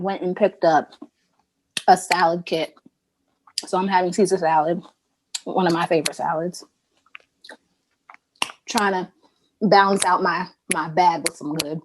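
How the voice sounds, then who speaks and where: A woman's voice: on the low side, steady tone, slight background noise, poor audio. A woman co-hosting a casual podcast while eating, teasing her co-host and laughing a lot. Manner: teasing, laughs a lot, slow easy talk.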